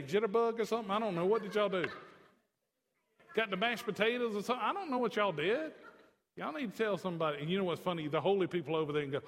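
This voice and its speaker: A man preaching a sermon in a folksy, joking way, swinging from soft to emphatic. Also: high voice, in a large hall. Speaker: pastor.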